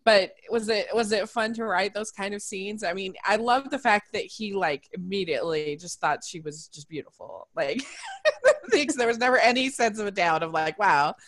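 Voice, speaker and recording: A woman's voice: mid-range voice, animated, moderate pace, a bit bright. A woman hosting a podcast who asks questions in a casual, hesitant way, with many "uh"s. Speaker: podcast host.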